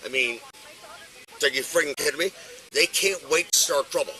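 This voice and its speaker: A man's voice: a little high, moderate pace, pushed and bright, rough recording. Drunk, agitated Buffalo man. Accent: Buffalo, New York. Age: middle-aged. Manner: agitated, swearing, name-dropping. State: intoxicated. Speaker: detained judge. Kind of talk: heated argument with police. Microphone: police body-worn camera. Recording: body camera audio.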